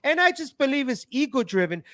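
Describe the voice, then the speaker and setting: High-voiced man hosting an interview. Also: very animated, fairly quick, bright, forceful tone, dry recording, studio quality. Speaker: talk show host. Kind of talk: casual interview conversation.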